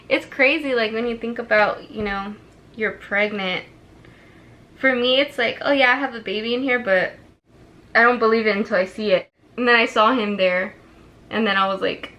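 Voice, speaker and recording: A woman's voice: on the high side, moderate pace. A young woman vlogger telling a personal story in casual chat while doing her makeup, acting out what people said with laughs and gasps. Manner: animated, acts out quotes with laughs and gasps.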